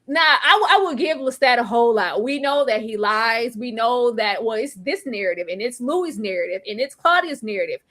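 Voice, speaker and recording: Animated, high bright-voiced woman. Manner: animated and emphatic, with bursts of exasperated exclamations. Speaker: TV recap podcast host. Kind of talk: casual chat.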